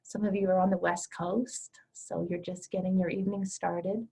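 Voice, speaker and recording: A woman leading an online class, talking listeners through a guided meditation in a gentle, soothing, affectionate way. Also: lowish voice, level tone, moderate pace, creaky, husky, rough recording. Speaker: course leader.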